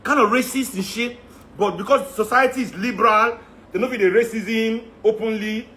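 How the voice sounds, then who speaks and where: Brief: Nigerian man, higher voice, mocking and animated, faint background hiss. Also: normal speed. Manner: animated, mixes Pidgin and Yoruba, mocking. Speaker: musician and guest. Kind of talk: casual opinionated chat.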